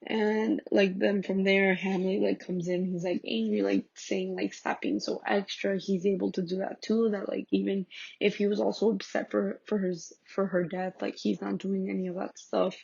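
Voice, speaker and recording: Husky, hesitant woman on a dull recording. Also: medium pitch, little pitch movement, moderate pace, a little mellow, no echo. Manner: hesitant, many likes and restarts. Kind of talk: casual plot summary.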